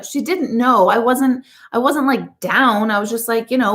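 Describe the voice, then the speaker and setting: A woman's voice: on the high side, normal speed, few pauses, a bit bright. Woman, middle-aged, talkative, blunt, candid, casual live chat to viewers. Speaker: intuitive life coach.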